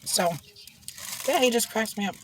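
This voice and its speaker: Over a noisy background, a woman with a fairly high voice talks at normal speed. She's a mukbang vlogger eating in her car, casually rambling through gossip and laughing often.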